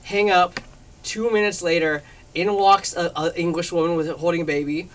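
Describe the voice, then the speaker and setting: A man's voice: fairly high pitch, steady tone, normal speed, recorded from a distance, background noise. A man as a talk show guest, telling gossipy stories in a chatty way, laughing often and acting out the quotes. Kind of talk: gossipy storytelling in conversation. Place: public access TV studio.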